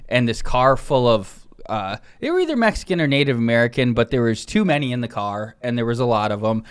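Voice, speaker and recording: A man's voice: mid-range voice, very animated, clean tone. Podcast guy rambling thru a story, lots of uhs and ums, normal mid voice. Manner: halting, many "uh" and "um" fillers. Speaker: podcast co-host. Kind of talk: casual chat, storytelling.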